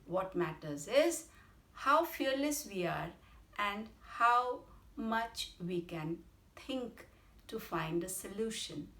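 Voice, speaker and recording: A woman with an Indian English accent telling a bedtime story to children, animated and explanatory. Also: mid-range voice, slow. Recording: roomy echo.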